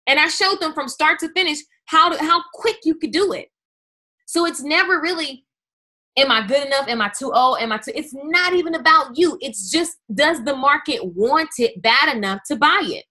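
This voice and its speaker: A woman hosting a business webinar, speaking in an energetic, chatty way straight to her viewers. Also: high-pitched. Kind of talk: live webinar talk.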